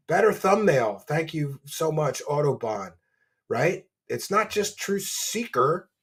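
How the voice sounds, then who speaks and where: A man's voice: medium pitch, breathy edge. A man hosting a livestream, chatting casually and reading donations in a brash, mocking, foul-mouthed way. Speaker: livestream show host.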